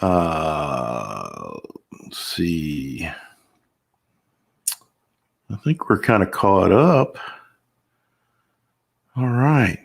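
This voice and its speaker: A man's voice: sits low, very animated, extremely slow, creaky, long pauses. An older man hosting a casual live stream, greeting viewers by name in an upbeat way with the odd whoop. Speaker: livestream host.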